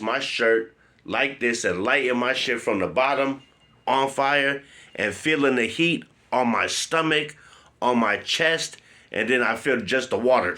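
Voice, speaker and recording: A man telling a personal story in a blunt, profane, animated way. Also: medium pitch. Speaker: vlogger.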